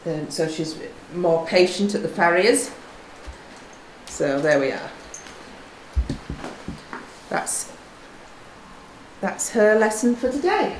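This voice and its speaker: A woman trains her young horse in a stable yard, speaking slowly in a low voice with long pauses as she gives brief praise, commands and casual explanations for her vlog's camera. The audio is poor, roomy and distant, with slight background noise.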